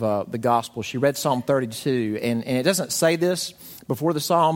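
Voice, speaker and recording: Expressive male preacher in a reverberant hall. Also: medium pitch. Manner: expressive storyteller, voices quotations dramatically. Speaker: pastor. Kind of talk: conversational sermon.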